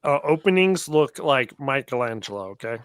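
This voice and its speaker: A man's voice: medium pitch, lively intonation, moderate pace, a little hiss or hum. A man co-hosting a podcast in casual chat, blunt and sarcastic. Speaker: podcast co-host.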